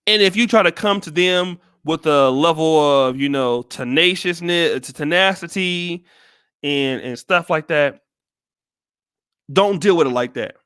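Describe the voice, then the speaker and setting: American guy live streaming, cusses a lot, keeps restarting his sentences, slightly higher voice. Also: measured pace, fairly bright tone, clear, resonant tone, no echo, clean studio sound. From United States. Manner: blunt and profane, with many restarts. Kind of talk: casual livestream commentary.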